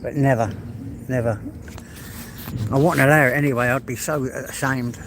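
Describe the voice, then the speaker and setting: A man's voice: medium pitch, steady tone, normal speed, background noise. Chatty english guy livestreaming outdoors. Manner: chatty, swears, calls the dog loudly. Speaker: livestream host. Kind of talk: casual chat to viewers while walking. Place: outdoors in rural fields. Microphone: phone.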